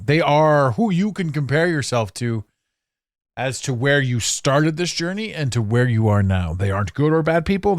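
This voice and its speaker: A man hosting a podcast monologue, ranting sarcastically with animated swings and frequent profanity. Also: a little high, no echo, clean studio sound. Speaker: podcast host.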